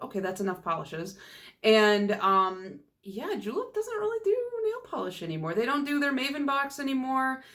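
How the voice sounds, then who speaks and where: A woman's voice: mid-range voice, a bit bright. A young woman in a casual, rambling, self-deprecating chat about nail polish as a YouTuber.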